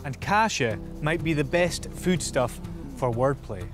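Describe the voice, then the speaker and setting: A man's voice: fairly high pitch, expressive, unhurried. Punning man with music under. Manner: punning, jokey. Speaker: presenter. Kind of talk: playful on-location presenting.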